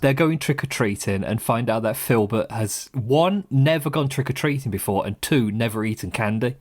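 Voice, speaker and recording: A man's voice: mid-range voice, animated, moderate pace, a little mellow. A man in his thirties co-hosting a podcast in casual chat, laughing often as he talks. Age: 30s. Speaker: podcast co-host.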